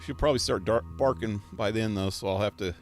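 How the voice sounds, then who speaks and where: A man's voice: lowish voice, fast talker, faint music behind. A man streaming a game live, rambling and chuckling as he plays and talks to his dog. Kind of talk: live gameplay commentary.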